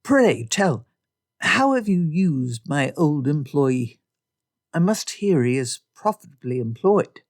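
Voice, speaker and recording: A reserved young gentleman, measured and formal in every phrase, as a woman narrator reads him. He speaks with careful politeness. The voice stays near the reader's own. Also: low voice, very animated, no echo, clean studio sound, heavily acted. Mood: courteous.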